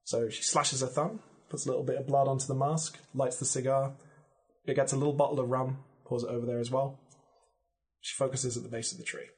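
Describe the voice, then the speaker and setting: A man as a podcast guest, casually pitching a story in vivid, descriptive detail with plenty of "like" fillers. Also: flat delivery, fairly quick.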